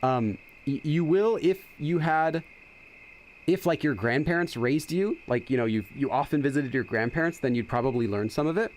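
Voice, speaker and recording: A man's voice: on the high side, expressive, moderate pace, a little hiss or hum. A middle-aged man hosting a casual game playthrough, chatty and explaining as he goes. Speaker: gaming channel host. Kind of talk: casual let's-play commentary.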